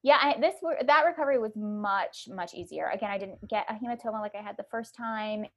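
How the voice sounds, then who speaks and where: A woman's voice: medium pitch, fast. Chatty woman telling a birth story. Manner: animated storytelling, many likes and ums. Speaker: podcast guest.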